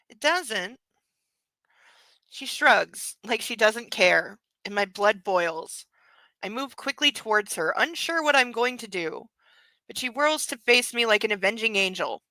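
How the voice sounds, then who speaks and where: Woman, book club host, reads aloud, sarcastic asides, laughs often, bright tense voice, dry close sound. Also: fairly high pitch, expressive, slow pace, long pauses, dry recording, low-quality recording. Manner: mocking asides between read passages. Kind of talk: reading aloud with sarcastic commentary.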